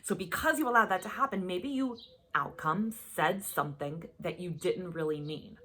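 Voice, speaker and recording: A woman's voice: on the low side, normal speed. A woman life coach teaching a self-help lesson in a casual way, checking in with "okay?" and "right?" after each point and acting out her examples. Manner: acts out examples in lively voices.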